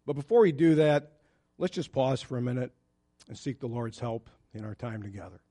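A man's voice: medium pitch, lively intonation, normal speed, dark tone. A man preaching a sermon in an earnest, conversational way, stressing scripture quotes. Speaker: pastor.

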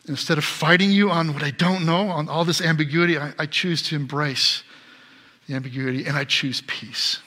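Bright-voiced preaching man. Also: fairly high pitch, a little fast. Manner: animated preaching, swings from loud emphatic to soft. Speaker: pastor. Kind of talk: sermon.

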